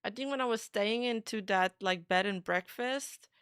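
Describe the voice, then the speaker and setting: Young woman streamer, mid-pitched smooth voice, loose chatty delivery with casual swearing, dry sound. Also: moderate pace, a bit bright, dry recording. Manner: chatty, swears freely, many "like" fillers. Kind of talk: casual reaction commentary.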